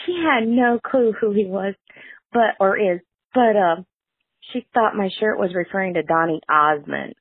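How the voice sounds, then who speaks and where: Casting: husky, gravelly woman caller, casual anecdote, phone-line sound. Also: mid-range voice, a little slow, no room sound. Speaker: caller leaving a voicemail.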